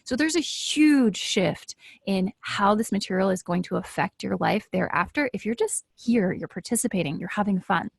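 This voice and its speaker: Woman, webinar host, hyped and upbeat, slightly gravelly voice, dry close sound; addresses viewers directly. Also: mid-range voice, expressive, moderate pace, no echo. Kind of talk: live webinar sales pitch.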